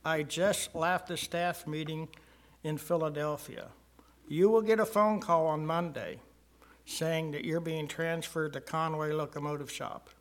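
An older man quoting his blunt boss in a lower, quieter, matter-of-fact voice. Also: fairly even intonation, a little slow, lightly acted.

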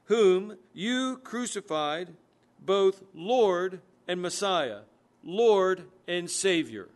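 A man preaching a sermon, earnestly explaining scripture and reading verses slowly. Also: high-pitched. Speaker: pastor.

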